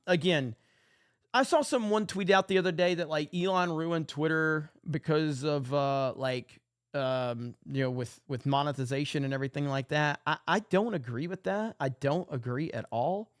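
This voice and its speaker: A man hosts a casual livestream. His voice sits a little high and sounds dry and close, with no room around it. He reacts to chat comments and repeats his points with blunt, profane emphasis. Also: normal speed, clean tone, no room sound. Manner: reads chat comments aloud. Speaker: podcast host.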